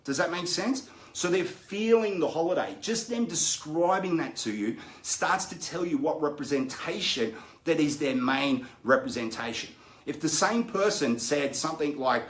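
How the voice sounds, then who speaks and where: A man's voice: fairly high pitch, expressive, moderate pace. A man teaching a personal development session, telling stories in a conversational way and often checking that listeners follow. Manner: conversational, keeps checking in with "right?" and "make sense?". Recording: roomy echo.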